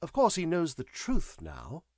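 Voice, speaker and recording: A man's voice: a little high, huge pitch swings, measured pace, a little mellow, dry recording, clean studio sound, pitched above the performer's own voice, heavily acted. A man voicing an earnest, agitated young man who presses with questions. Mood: urgent.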